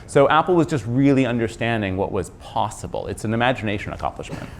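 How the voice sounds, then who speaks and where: Animated man, author in a book interview. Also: medium pitch, a little hiss or hum. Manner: animated, quick asides and self-corrections. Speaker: author and journalist guest.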